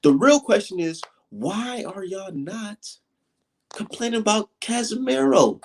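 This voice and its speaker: A man hosting a casual live stream, talking fight talk in loose slang and getting animated as he rants. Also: unhurried. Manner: animated, slangy, swings high when mocking critics. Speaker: livestream host.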